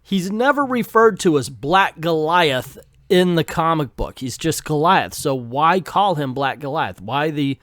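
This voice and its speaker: A middle-aged man recaps a vintage comic for his viewers, breaking in with sarcastic asides. His voice sits a little high, and the recording is close and dry with no room sound. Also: animated, measured pace, fairly bright tone, no room sound. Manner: sarcastic, voices characters while reading. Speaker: comic book reviewer. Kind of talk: comic recap with read-aloud panels.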